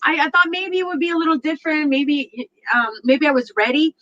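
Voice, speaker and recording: This woman hosts a talk show, telling stories at a fairly quick pace in a voice that sits high. Animated and prone to laughter, she acts out what others said; the sound is muffled.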